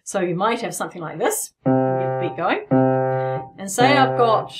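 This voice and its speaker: A woman's voice: mid-range voice, expressive, moderate pace. A middle-aged woman teaching piano in a playful, encouraging way, explaining rhythms as she plays. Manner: playful and encouraging, demonstrates while playing. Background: piano playing.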